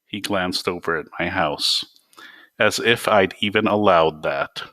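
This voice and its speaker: A man's voice: low-pitched, a little slow, bright, forceful tone, dry recording. A man reading his own novel aloud in a dry, wry first-person voice.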